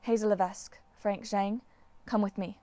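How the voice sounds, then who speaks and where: Brief: woman reader as composed huntress goddess, cool and wry, mid-pitched. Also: normal speed, no echo, lightly acted. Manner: calm, dry, understated. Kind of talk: audiobook character voice.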